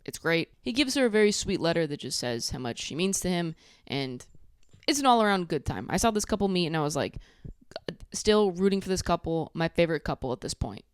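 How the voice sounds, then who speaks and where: A woman's voice: on the low side, very animated, brisk, slight background noise. A woman hosting her own channel, giving a blunt, profane, sassy recap of a reality show. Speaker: YouTube recap host.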